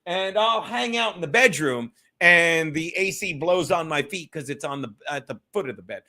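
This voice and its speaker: A man hosts a loose solo livestream from home, swearing freely and chatting straight to his viewers. His voice sits high for a man. It has a bright edge. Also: lively intonation, normal speed. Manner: loose, profane, rambling, talks to chat. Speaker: livestream host. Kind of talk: casual solo livestream chat. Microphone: streaming setup.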